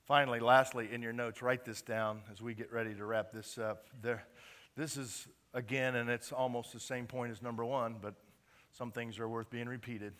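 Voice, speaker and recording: A male pastor preaching a sermon, swinging between quiet, earnest stretches and loud, emphatic peaks. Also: mid-range voice, flat delivery, normal speed.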